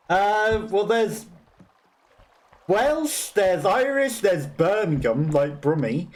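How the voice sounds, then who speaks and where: A young man with a Black Country accent, chatting and laughing at himself while streaming a game. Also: high-pitched. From West Midlands, England. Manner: chatty, self-mocking, laughs often. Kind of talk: casual gameplay commentary.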